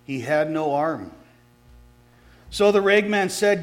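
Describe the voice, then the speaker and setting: A man's voice: fairly high pitch, lively intonation, slow. A man, a pastor, reading a story aloud in a sermon, catching and correcting his small slips as he goes.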